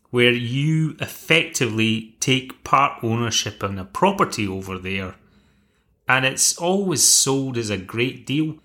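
A man's voice: medium pitch, sharp tone. A male podcast host giving a casual, wry episode recap with many asides and restarts. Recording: echoey room.

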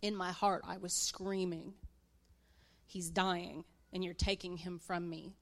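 A woman's voice: fairly low pitch, level tone, slow pace, a bit bright. A woman in her thirties sharing a personal story in church, candid and emotional. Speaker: guest speaker. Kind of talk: personal testimony.

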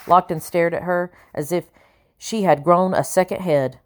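Woman audiobook narrator, first-person, deep voice, measured, earnest. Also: fairly even intonation, a little mellow.

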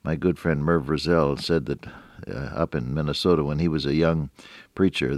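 A man's voice: extremely low pitch, a little mellow, dry recording, studio quality. An older man hosting a radio devotional, preaching in a folksy, earnest way with chuckles and asides.

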